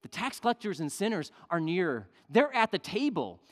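Male preacher, high pitch, dynamic emphatic sermon delivery, reverberant hall sound. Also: sing-song, normal speed. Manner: emphatic, swings from loud to hushed. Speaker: pastor. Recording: long reverb of a large hall.

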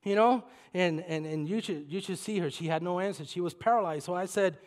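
A man from preaching a sermon in a church, telling a story that swings from soft asides to shouted climaxes. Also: high-pitched, fairly quick, hardly any pauses. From Puerto Rico. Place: church sanctuary. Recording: long hall reverb.

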